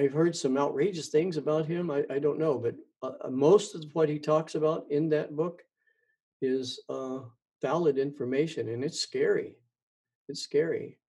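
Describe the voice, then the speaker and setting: A man's voice: fairly high pitch, mellow, slightly rough, muffled recording. A man hosting his own show, talking in a rambling monologue, stumbling and repeating words with many ums. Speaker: podcast host.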